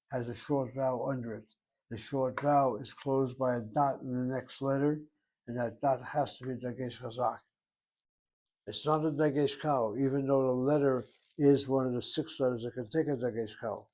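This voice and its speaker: A man with a medium-pitched, slightly mellow voice gives a Hebrew grammar lesson. His teaching is methodical and repetitive, going over key terms again and explaining every rule in steps.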